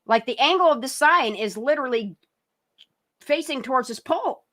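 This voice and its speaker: Woman doing true crime commentary, bright and punchy, swears a lot, kinda sarcastic. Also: high-pitched, expressive, moderate pace. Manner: blunt, profane, sarcastic. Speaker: channel host. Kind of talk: casual true-crime commentary over a video.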